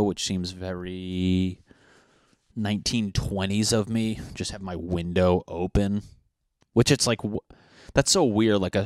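Podcast host, man, low voice, dry close mic, rambling and profane. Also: no echo. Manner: profane, tangent-prone, jokey. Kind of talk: rambling casual monologue. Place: apartment in Los Angeles.

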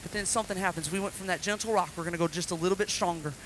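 A man preaching at a children's service, telling the story dramatically and shouting out acted quotes. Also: sits high, racing, a little hiss or hum. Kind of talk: interactive children's sermon.

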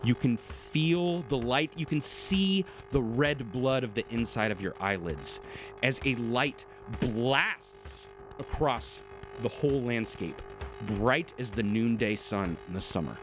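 A man's voice: mid-range voice, takes it slowly, over music. A man running a tabletop game as game master, narrating scenes in vivid, descriptive bursts.

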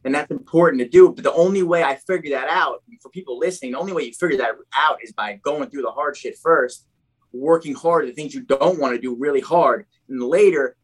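A young man telling his story in casual chat as a podcast guest, animated and fond of saying "dude", often restarting his sentences. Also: fairly high pitch, fairly quick, slightly rough.

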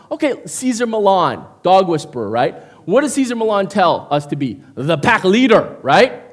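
Lively man in his fifties preaching. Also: high-pitched, slightly rough. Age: 50s. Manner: animated, conversational preaching with frequent "right?" and "okay?". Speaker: pastor. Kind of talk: sermon. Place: church.

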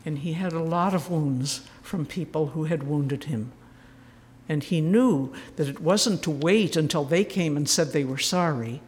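An older sister's low, somewhat slow voice carries through a large church as she leads a spoken retreat, telling stories with wry humor and earnest warmth. The room sound is big.

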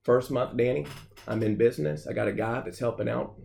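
A man's voice: medium pitch, fairly quick, vocal fry, a little mellow. A man, a podcast guest, earnestly telling his personal story and acting out what people said to him. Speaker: gym founder, podcast guest.

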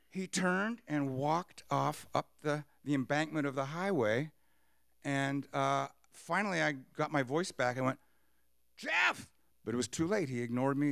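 A man telling a personal story on stage, animated, acting out what people said. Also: on the high side, vocal fry, dry recording. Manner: animated, acts out quotes with laughs.

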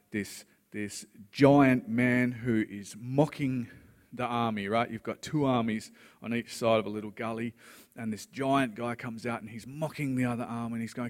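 A middle-aged pastor preaching a sermon, earnest and conversational, often checking in with "right?". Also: male voice, medium pitch, big-room sound.

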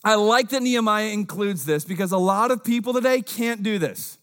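A young-adult pastor gives a casual sermon at a normal speed, dropping low and quiet for asides and getting loud when he wants emphasis.

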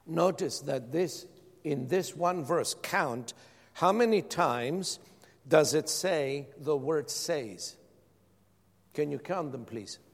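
A man's voice: fairly high pitch, slow pace, creaky, big-room sound. A middle-aged man preaching a sermon as pastor, firing rhetorical questions and repeating phrases for emphasis.

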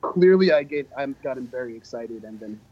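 A podcast guest with a medium-pitched, lively voice and a fairly quick pace casually tells self-mocking tales about being a drummer. There's crowd noise, and the audio is dull and lo-fi.

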